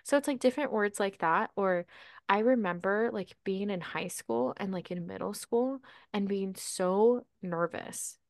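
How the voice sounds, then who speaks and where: A woman co-hosting a casual podcast chat, talking in a chatty, animated way with frequent "like"s. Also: mid-range voice, measured pace, no room sound, studio quality. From Latina, grew up bilingual in Spanish and English. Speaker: podcast co-host.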